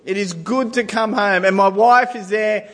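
A man's voice: high-pitched, fairly even intonation, moderate pace, a bit bright, big-room sound. A man in his forties preaching a sermon, telling family stories with self-deprecating humour. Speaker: pastor.

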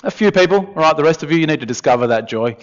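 A man preaching a sermon in a conversational, animated way, with asides to the congregation. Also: on the high side, racing. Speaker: pastor. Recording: dull, lo-fi sound.

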